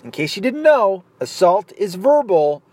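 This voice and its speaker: Man, podcast host, blunt profane rant, fairly high voice, swooping pitch. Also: big pitch swings, a little slow, darkish tone. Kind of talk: casual ranting commentary.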